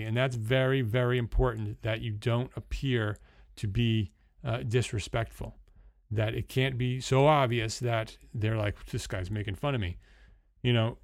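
Man, New Jersey accent, mid pitch, dry close mic, rambling instructional host with lots of fillers. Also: dry recording. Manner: hesitant, many fillers and restarts. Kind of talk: unscripted instructional talk. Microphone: studio microphone.

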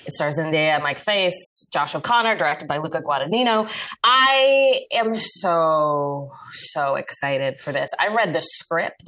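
A woman culture critic talking eagerly on a podcast about a film she is excited for. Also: low voice, measured pace. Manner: eager, enthusiastic. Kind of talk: podcast discussion.

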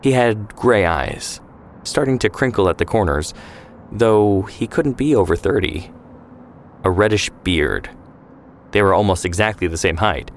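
Male narrator, very low pitch, calm scripted storytelling. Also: a little slow, slight background noise.

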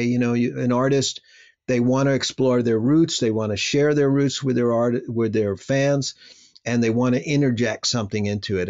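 An older man, a guitarist guest on a podcast, talking casually and reflectively, laughing at himself now and then. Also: medium pitch. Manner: reflective, self-deprecating with laughs. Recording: slightly dull lo-fi sound.

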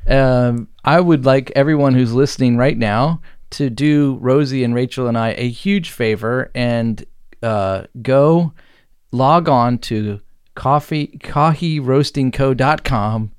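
A man hosting a podcast in casual chat, laughing easily through relaxed banter. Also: mid-range voice, slow, clear, resonant tone, dry recording, clean studio sound. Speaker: podcast host.

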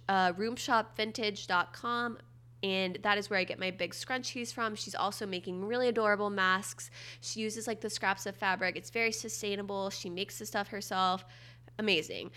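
A woman's voice: medium pitch, sharp tone. A young woman with a nasal voice hosting a casual solo podcast, chatting with wry, upbeat asides. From Florida. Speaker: podcast host.

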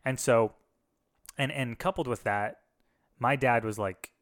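A man's voice: mid-range voice, a little slow. Man talking candidly in casual chat. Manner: candid, reflective, talks in restarts and asides. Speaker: podcast co-host, former pastor. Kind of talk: casual conversation.

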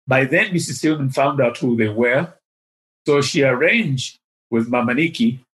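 An older man from Tanzania, telling a personal story as an interview guest, halting with fillers and restarts. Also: medium pitch, fairly bright tone. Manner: hesitant, with many fillers and restarts. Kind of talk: storytelling in conversation.

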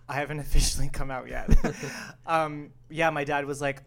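A man in his late thirties from Canada, co-hosting a casual podcast chat, animated and quick to laugh. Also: mid-range voice. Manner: animated, laughs often, mimics others playfully. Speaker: podcast co-host.

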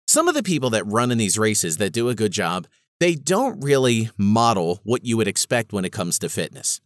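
A man's voice: on the low side, sing-song, moderate pace, dry recording, clean studio sound. A man hosting his own show, telling a story in a casual, self-mocking monologue. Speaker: podcast host.

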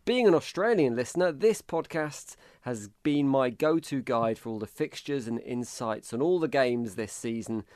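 A man's voice: mid-range voice, lively intonation, normal speed, few pauses, a little mellow, dry recording. Chatty man hosting a podcast. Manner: chatty, laughs often. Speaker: podcast host. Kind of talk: casual football podcast chat.

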